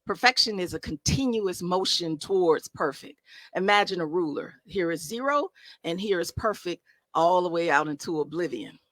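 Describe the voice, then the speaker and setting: A woman's voice: fairly low pitch, expressive, normal speed, fairly bright tone, dry recording. A woman life coach giving an emphatic motivational talk, casual in her phrasing and full of rhetorical questions. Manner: colloquial, conversational phrasing. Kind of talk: motivational talk to a live audience.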